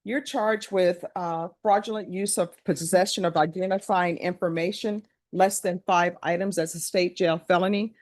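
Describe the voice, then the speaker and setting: A woman judge presiding over a courtroom hearing, speaking in a formal, measured, procedural way. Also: fairly low pitch, steady tone, a little mellow.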